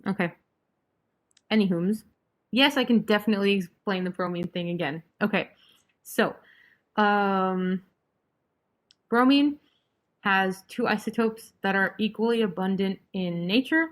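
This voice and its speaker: A woman's voice: medium pitch, a little slow, long pauses. A young woman leading an online chemistry review session, talking casually and joking sarcastically with her students. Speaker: chemistry tutor.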